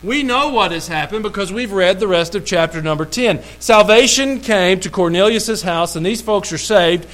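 A man's voice: high-pitched, normal speed, hardly any pauses, fairly bright tone, rough recording. Folksy preacher man. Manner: folksy, humorous, talks straight to the congregation. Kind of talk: storytelling sermon.

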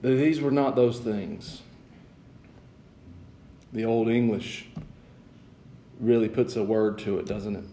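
A man's voice: lowish voice, slow pace, pauses often, warm tone, a little hiss or hum. A man in his thirties preaching a sermon in a church sanctuary, chatty with joking asides, building to emphatic passages. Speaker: pastor. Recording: echoey church room.

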